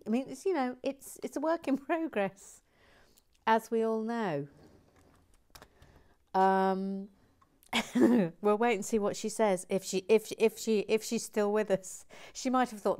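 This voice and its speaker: A woman hosting a model-building stream on a lapel mic, chatting in a rambling, self-mocking way and dropping into soft whispered asides. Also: mid-range voice, unhurried. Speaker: host building a toy model. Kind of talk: casual chat while building. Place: indoors at a table.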